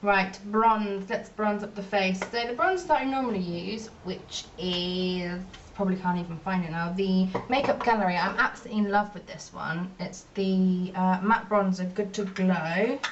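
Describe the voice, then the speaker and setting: Woman vlogger, rambling and self-mocking, recorded a bit far off with faint rumble. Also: moderate pace, few pauses. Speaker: beauty vlogger. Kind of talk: casual chat while doing makeup. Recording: distant, dull lo-fi mic with faint rumble.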